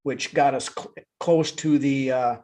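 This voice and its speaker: A man's voice: mid-range voice, fairly even intonation, a little slow, darkish tone. A man co-hosting a live sports talk show, chatting casually with lots of fillers and restarts. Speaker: podcast co-host.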